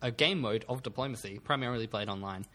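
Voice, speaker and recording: A man's voice: mid-range voice, fast talker, bright, forceful tone. A man taking part in a casual podcast quiz, eagerly explaining things. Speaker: quiz contestant.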